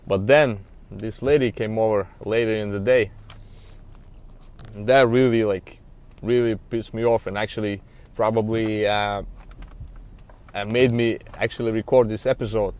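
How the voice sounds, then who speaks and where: In a fairly low, darkish voice with fairly even intonation, a used car dealer tells his story a little slowly, leaving long pauses. He rambles casually with a frustrated edge and many "you know" fillers.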